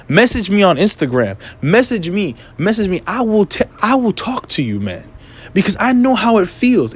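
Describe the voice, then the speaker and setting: A man speaks straight to his audience in a casual, heated rant, blunt and full of swearing. His voice sits somewhat high for a man. He lectures in a preachy way. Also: fairly bright tone, breathy edge. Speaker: vlogger.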